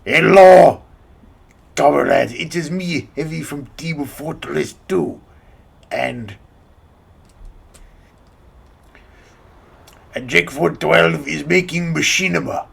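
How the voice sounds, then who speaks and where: A man's voice: fairly high pitch, slow, creaky, breathy edge, full character voice. A man voicing a big, boisterous Russian mercenary from a video game, in an overdone mock Russian accent. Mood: boisterous greeting.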